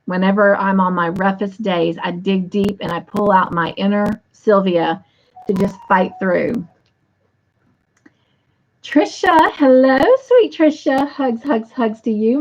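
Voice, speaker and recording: A woman's voice: medium pitch, gravelly, dull audio. A woman hosting a casual livestream, reading viewer comments aloud in an affectionate way. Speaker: livestream host.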